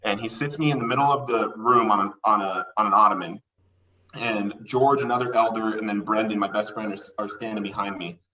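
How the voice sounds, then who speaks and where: A man guest on a podcast, telling a personal story in an excitable way and acting out the voices he quotes. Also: fairly low pitch, a little fast, distant mic, lo-fi sound. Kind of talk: animated storytelling.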